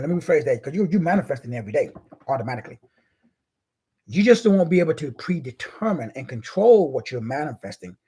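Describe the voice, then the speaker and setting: A man hosting a live stream, giving a preachy motivational talk in casual, slangy speech with drawn-out, emphatic phrasing. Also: husky. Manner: preachy, drawn-out emphatic phrasing with big swings in pitch and loudness.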